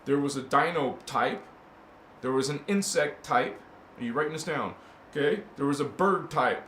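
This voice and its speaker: Lively-pitched man in an echoey room. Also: normal speed. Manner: playful, slangy, swings between loud and hushed, chants made-up syllables. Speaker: spiritual channel host. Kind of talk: casual spiritual talk to camera. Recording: echoey room with faint ambient noise.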